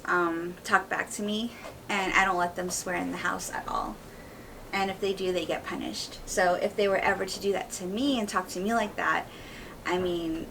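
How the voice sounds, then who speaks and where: A woman's voice: medium pitch, vocal fry, far from the mic, background noise. A woman co-hosting a podcast, speaking candidly and firmly in casual conversation, with frequent fillers. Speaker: podcast co-host.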